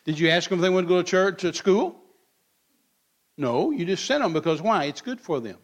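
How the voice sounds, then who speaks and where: A man's voice: high-pitched, lively intonation, brisk. A man, preaching in church in a blunt, folksy way and acting out both sides of quoted back-and-forth. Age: 60s. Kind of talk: sermon.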